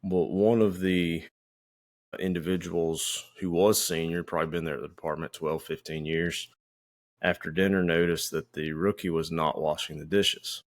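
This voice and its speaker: A man with a very low voice tells a story in an easy, conversational way. He co-hosts a podcast and talks about his time as a firefighter. Now and then he acts out what the people in the story said. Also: moderate pace. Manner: relaxed, anecdotal, acts out quoted lines. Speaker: podcast co-host.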